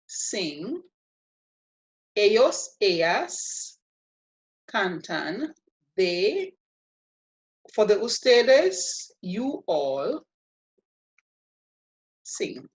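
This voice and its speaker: A woman teaching a language lesson, walking through each step with patient, playful explanations. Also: fairly high pitch. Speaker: Spanish teacher. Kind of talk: slow, deliberate language lesson.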